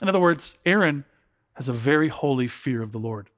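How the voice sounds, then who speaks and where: A man's voice: mid-range voice, expressive, a little fast. A man preaching an expository sermon in a conversational way, often repeating words and asking his listeners questions. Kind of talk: expository sermon, Bible reading and commentary.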